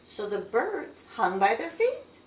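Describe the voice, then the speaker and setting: A woman reading a picture book aloud at home, with expressive storytelling. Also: on the high side, slow pace, slight background noise. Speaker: storybook reader. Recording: echoey room, a bit distant.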